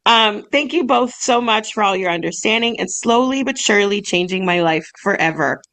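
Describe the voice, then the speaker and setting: A woman's voice: mid-range voice, expressive, normal speed, a bit bright. Young woman, podcast co-host, casual and giggly, gets choked up easily. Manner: bubbly, laughs often, gets choked up. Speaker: podcast co-host, massage business owner. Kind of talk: casual chat, reading emails aloud.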